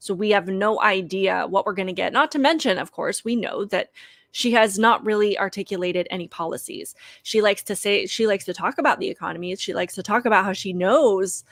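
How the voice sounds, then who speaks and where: A woman's voice: mid-range voice, a little fast, no echo. A woman hosting a political commentary show, talking straight to viewers in an emphatic, critical way. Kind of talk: opinionated commentary to camera.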